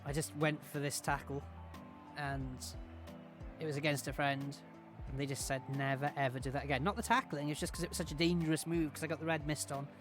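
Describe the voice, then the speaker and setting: A man's voice: a little high, fairly even intonation, brisk, over music. A man chatting in a rambling, self-mocking way while commentating his own gameplay on a stream. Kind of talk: casual game-stream commentary.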